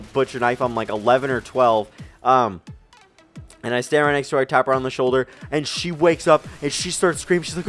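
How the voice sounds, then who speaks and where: A young man casually telling funny stories from his life, rambling with fillers and the odd swear word. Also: mid-range voice. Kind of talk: casual storytelling over gameplay.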